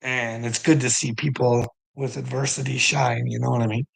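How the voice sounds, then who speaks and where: A man's voice: mid-range voice, level tone, moderate pace, vocal fry, husky, poor audio. A middle-aged man talking casually on a livestream, rambling, teasing viewers, swearing freely and laughing often. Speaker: livestream host.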